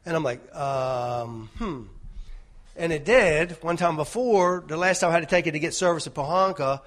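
Guy preaching loose and chatty, keeps tacking on "right?", slightly high voice. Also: moderate pace, fairly bright tone. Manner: rambling, conversational, many restarts and "right?" tags. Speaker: lay preacher. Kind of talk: informal sermon storytelling.

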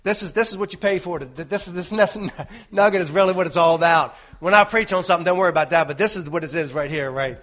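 A man's voice: high voice, fast, few pauses, fairly bright tone. A man giving an informal sermon, telling a rambling personal story with many restarts and "right?" tags. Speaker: lay preacher.

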